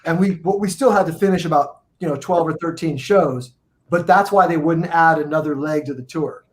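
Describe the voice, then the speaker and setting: A man on a video call stream, telling tour stories in an animated, rambling, profane way. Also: fairly high pitch, a little fast. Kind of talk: casual storytelling on a live video stream.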